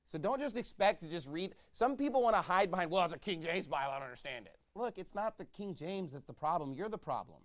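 Pastor, male, high voice; sermon delivery, slow scripture reading, sharp jumps from soft to shouting. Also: expressive. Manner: swings between loud shouted exhortation and low quiet asides; reads scripture in slow, drawn-out cadence.

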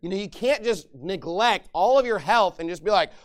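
A middle-aged man preaching a sermon as pastor, lively and conversational, acting out quoted voices and laughing now and then. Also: high-pitched, moderate pace.

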